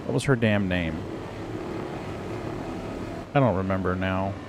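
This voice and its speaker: Middle-aged male streamer, slow and easygoing, rambling chat with sudden exclamations, faint noise behind. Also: deep voice. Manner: chatty, rambling, exclamatory asides. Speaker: livestream host. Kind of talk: casual chat with viewers. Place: home computer setup.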